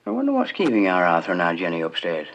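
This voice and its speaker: A grumbling older father from the north of England in a sixties film. His low, gruff voice swings widely in pitch. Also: huge pitch swings, fast, fairly bright tone, muffled recording, slight background noise, exaggerated voice. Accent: northern English. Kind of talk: 1960s film acting.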